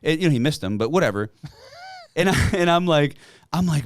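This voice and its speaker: A man's voice: on the high side, lively intonation, a little fast, dry recording. A man talking as a podcast guest, telling hunting stories in a loose, profane way with lots of fillers. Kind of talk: casual chat.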